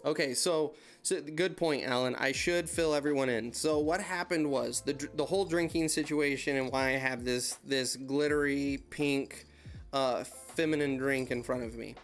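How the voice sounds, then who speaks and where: A man's voice: medium pitch, normal speed, faint music behind. A man from the United States hosting a casual live-stream Q&A from his desk, chatting in rambling anecdotes and greeting viewers by name. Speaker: YouTube channel host, heavy equipment operator.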